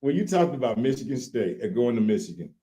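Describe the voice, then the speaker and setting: A man, co-hosting a casual chat in a folksy, animated way. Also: medium pitch, fast. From Louisiana. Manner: animated, repeats "look here", folksy. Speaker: co-host.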